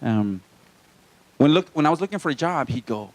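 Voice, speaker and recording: A man's voice: fairly high pitch, expressive, moderate pace, pauses often. A man from Hawaii doing a live stand-up set in a small comedy club, with self-deprecating, wry asides to the crowd.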